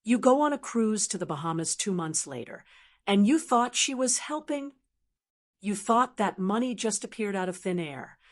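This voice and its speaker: Woman reading the part of a furious grown son, bitter, accusing, slightly high voice. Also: animated, normal speed. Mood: bitter anger. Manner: quiet then bitter and raised. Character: angry grown son confronting his in-laws.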